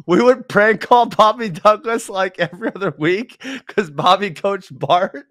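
Animated, lively man on a dry mic. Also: sits high, unhurried, hardly any pauses, no room sound. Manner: animated storyteller, bursts of laughter. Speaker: podcast co-host, former wrestler. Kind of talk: casual chat.

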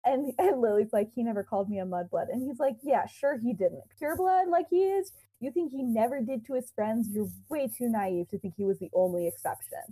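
A woman's voice: on the high side, lively intonation, brisk, hardly any pauses, dark tone, slightly rough, poor audio. A young woman co-hosting a podcast, casually retelling a fan-fiction story with quoted dialogue, lots of fillers and giggles.

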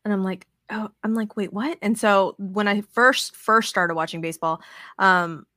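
A woman's voice: medium pitch, fairly even intonation, moderate pace, sharp tone, no room sound. Thirtysomething woman on a podcast, cursing and retelling convos, dead dry mic. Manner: profane, storytelling with quoted dialogue. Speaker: podcast guest. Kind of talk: casual chat.

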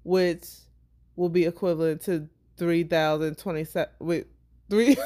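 A woman co-hosting a podcast in casual chat, laid-back and quick to laugh. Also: on the low side, steady tone, warm tone. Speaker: podcast co-host.

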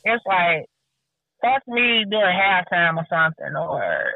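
A woman telling stories in a casual chat, animated and acting out what people said. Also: lowish voice, unhurried, creaky, no echo. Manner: animated storytelling, acting out quotes. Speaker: podcast guest. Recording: tinny phone line, dry.

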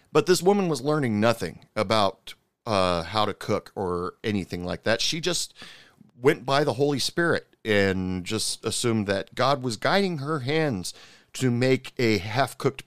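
A man tells a story in a loose, rambling way, stopping often to restart his sentences. He slips in indignant asides as he goes. His voice is smooth and clear, recorded dry and close. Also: mid-range voice, a bit bright, no room sound. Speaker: commentator recounting a TV episode. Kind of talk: casual storytelling commentary.

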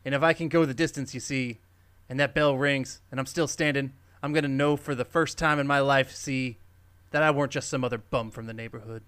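A man reading the lines of a humble down-and-out male boxer, straight and flat, in a casual dramatic reading. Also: mid-range voice, brisk, clear, resonant tone, close to an everyday voice. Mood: earnest.

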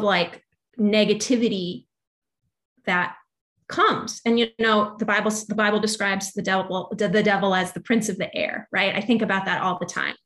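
A young adult woman, a musician guest, talking through faith and doubt in a loose, rambling way full of fillers. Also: medium pitch. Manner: rambling, filler-heavy, animated. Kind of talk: casual faith conversation.

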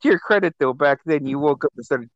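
A man with a slightly raised pitch spins rowdy stories from the past, cursing casually and chuckling between lines. The sound is close and dry, with no room echo. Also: fast, lo-fi sound. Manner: profane, animated storytelling with laughter. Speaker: host. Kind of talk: casual storytelling chat.

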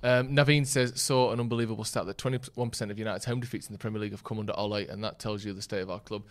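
A man's voice: fairly low pitch, steady tone, racing. A man hosting a casual football podcast, reading out viewer comments and chatting in a jokey way. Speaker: podcast host.

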